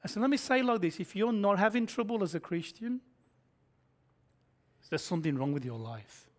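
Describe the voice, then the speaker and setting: A male pastor, preaching a sermon and swinging between loud declarations and hushed asides. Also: high-pitched, lively intonation, moderate pace. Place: church.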